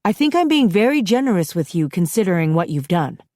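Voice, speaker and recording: A woman's voice: on the low side, sing-song, fairly quick, darkish tone, no room sound, studio quality. A woman narrator voicing a stern, weary mother who is firm and sarcastic with her teenage daughter.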